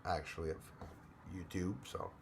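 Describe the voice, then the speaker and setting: A man's voice: low voice, level tone, normal speed, a little hiss or hum. Man casually greeting live stream viewers. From Canada. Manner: rambling, greets viewers by name, frequent restarts.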